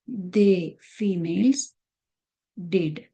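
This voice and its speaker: A woman's voice: mid-range voice, steady tone, takes it slowly, warm tone, muffled recording. A woman teaching a recitation lesson over slides, patiently repeating terms and counts.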